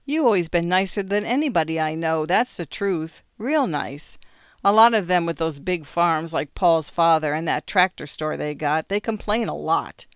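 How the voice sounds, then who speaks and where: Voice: medium pitch, lively intonation, normal speed, clean tone, no room sound, studio quality, close to an everyday voice. A narrator voicing a nervous young farm woman who pleads and rambles, in an audiobook reading. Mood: pleading. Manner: earnest, anxious, rambling.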